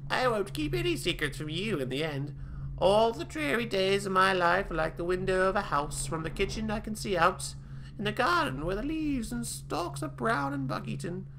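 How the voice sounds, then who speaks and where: A creepy, doting old crone who carves bones, as a man puts her on. She speaks with a put-on British accent in a high, quavering coo that sits well above the performer's natural pitch. Every line is sing-song and syrupy, with a sinister edge under the sweetness. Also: animated, moderate pace, vocal fry, a bit bright, slight background noise, full character voice, rough recording. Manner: sing-song, cooing, much higher than his own voice. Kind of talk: reading a game journal aloud in character.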